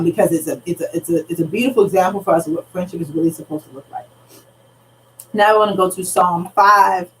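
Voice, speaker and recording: Earnest low-voiced woman teaching scripture. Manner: earnest, retells scripture in casual everyday speech. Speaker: pastor teaching a Bible study. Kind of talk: conversational Bible study teaching. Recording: slightly distant mic, faint background noise.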